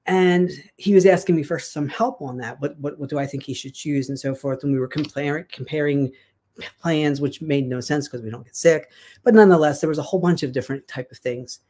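A woman telling a personal story in a casual, chatty way, animated and full of fillers and restarts. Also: sits low, fairly quick. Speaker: guest sharing a success story.

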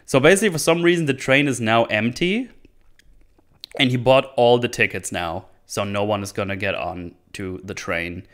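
A man's voice: on the low side, normal speed, fairly bright tone. A man hosting a casual solo movie recap, rambling and laughing often, with many restarts. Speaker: podcast host reviewing a movie.

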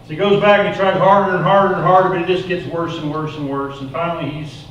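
A man telling a folksy parable as part of a sermon, in an animated, casual way. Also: a little high, quick pace, muffled recording, a little hiss or hum. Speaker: preacher. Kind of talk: sermon storytelling. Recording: echoey room, mic far off.

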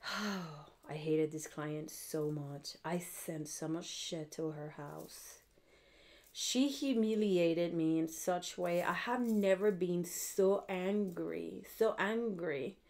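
Her voice fairly low and a little mellow, a middle-aged woman guides viewers through a spell in a casual witchcraft video. She's frank and chatty, swears without hesitation, and frequently checks in with her audience.

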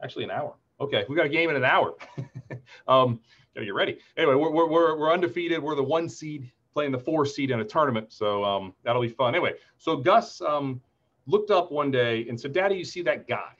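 A chatty, upbeat man in his forties walks through a market outlook on a webinar, with personal stories mixed into the charts. His voice sits at an ordinary middle pitch. The audio is slightly dull and lo-fi, as if it came over a video call. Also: animated, a little fast, fairly bright tone. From Ohio, USA. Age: 40s. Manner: chatty, upbeat, tells anecdotes between chart talk. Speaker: market strategist presenter. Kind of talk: webinar presentation.

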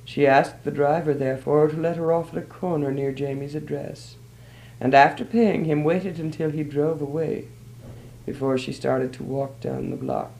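A man narrates a short story in a measured, even way. His voice is gravelly and sits somewhat high for a man. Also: low-quality recording.

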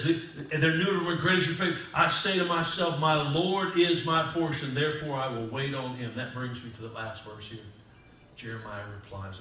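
A male pastor giving a sermon in a church, moving from quiet talk to loud preaching. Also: mid-range voice, a little hiss or hum. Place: church sanctuary. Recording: distant mic in echoey church hall.

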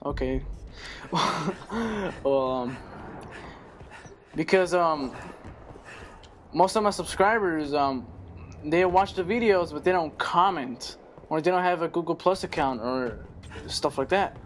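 A young man giving rambling, excitable live commentary while he plays a shooter game, swearing now and then. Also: on the high side, slow pace, long pauses, slight background noise. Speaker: gaming channel host.

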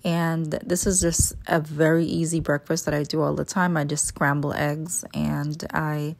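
Low, gravelly Jamaican woman vlogging. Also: moderate pace, hardly any pauses. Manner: relaxed, chatty, explaining routine step by step. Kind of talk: casual vlog narration. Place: home kitchen.

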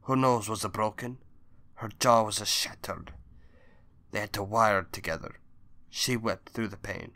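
A grieving older undertaker pleads for justice in a hushed, held-back voice, as a man reading a storybook puts him on. His tone stays bright and clear even at low volume. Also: normal speed, pauses often, no echo.

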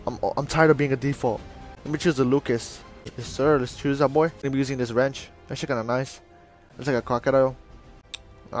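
A young adult man giving casual, joking, profane commentary while playing a shooter game. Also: medium pitch. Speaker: gamer.

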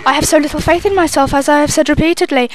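A young woman rattles off live gameplay commentary at a rapid-fire pace in a high-pitched, steady voice, with a little hiss or hum in the audio. Her banter is sweary and self-mocking.

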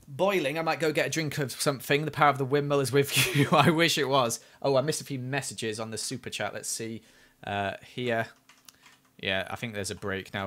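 He has a mid-range voice that sounds pushed and bright. Streaming a game live, the man talks through it, critiquing how he plays and erupting at close calls.

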